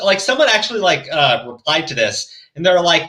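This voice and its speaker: A man hosting a commentary podcast, chatting casually and profanely, animated and mocking as he quotes others. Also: sits high, brisk, few pauses.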